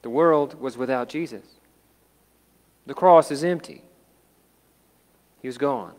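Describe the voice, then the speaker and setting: Slow, solemn male preacher. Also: medium pitch, long reverb tail. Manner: slow, dramatic, dropping to hushed tones. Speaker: pastor. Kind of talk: sermon. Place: church sanctuary.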